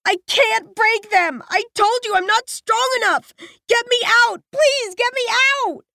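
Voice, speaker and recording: A woman's voice: extremely high pitch, unhurried, fairly bright tone, dry recording, clean studio sound, pitched above the performer's own voice, heavily acted. A woman voicing a terrified young girl trapped in a coffin, pleading in panicky cries. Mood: hysterical.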